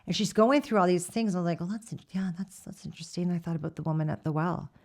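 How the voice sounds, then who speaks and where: A woman in her thirties tells her personal testimony to an interviewer, candid and animated as she acts out what each person said. Her voice sits fairly low and has a gravelly, fry-laced edge. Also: fast. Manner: candid storyteller who quotes herself and laughs often. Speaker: church member giving her testimony.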